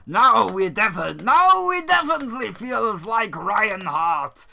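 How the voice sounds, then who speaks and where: A man's voice: high-pitched, very animated, slow, vocal fry, pushed and bright, pitched above the performer's own voice, exaggerated voice. A man voicing a boisterous German knight with a put-on German accent. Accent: German, put on badly.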